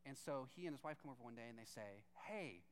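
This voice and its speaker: A man's voice: mid-range voice, racing, smooth. A man preaching a sermon through a chatty personal story, acting out both sides of each conversation and leaning on "like" as he talks. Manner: chatty, leans on "like" as filler.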